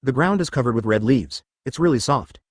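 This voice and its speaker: A man's voice: mid-range voice, expressive, a little fast, dry recording, studio quality, natural voice. A man reading the lines of a bold, cheerful young pirate captain in his own narrating voice, eager and blunt.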